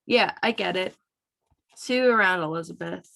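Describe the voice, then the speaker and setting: A woman's voice: lowish voice, normal speed, creaky, a bit bright. A woman reading the lines of a doubtful, fed-up teenage girl from a graphic novel. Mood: suspicious.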